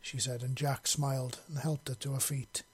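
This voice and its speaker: A man reading a fantasy audiobook in plain, steady narration. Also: mid-range voice, normal speed, slightly rough. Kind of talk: scripted narration.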